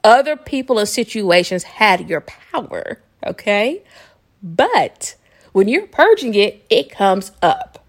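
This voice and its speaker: A chatty woman hosts a podcast with casual spiritual self-help talk. She rambles, laughs often and checks in with her listeners. Her pitch sits in a middle range. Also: sing-song, takes it slowly. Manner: laughs often while talking. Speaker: podcast host.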